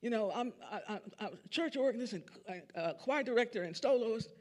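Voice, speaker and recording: An older man, a church organist and choir director, giving a storytelling lecture in a large concert hall, animated and breaking into sung snippets. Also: very high voice, fairly quick. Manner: animated, sings snippets and acts out quotes.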